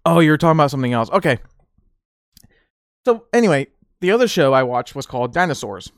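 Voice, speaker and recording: Man, podcast host, rambling casual chat, laughing, smooth, dry sound. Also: a little high, sing-song, fast talker, no echo. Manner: rambling, laughs often, many fillers.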